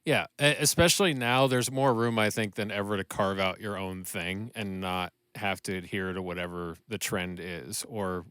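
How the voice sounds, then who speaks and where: A man co-hosting a podcast, talking earnestly with halting restarts and some self-deprecation. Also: low voice, fairly even intonation, fairly bright tone, smooth, dry recording. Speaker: podcast co-host. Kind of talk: casual chat.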